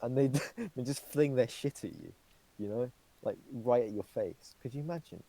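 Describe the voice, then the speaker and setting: A man's voice: medium pitch, expressive, moderate pace, vocal fry, warm tone, low-quality recording. A young man co-hosting a podcast, rambling through casual chat with lots of fillers and swearing. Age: young adult. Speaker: podcast co-host.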